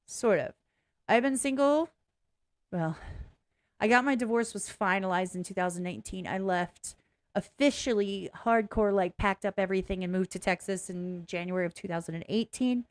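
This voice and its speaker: A woman's voice: medium pitch, moderate pace. A woman vlogging casually in a blunt, candid way, swearing freely, rambling and restarting as she talks. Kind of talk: casual reaction vlog.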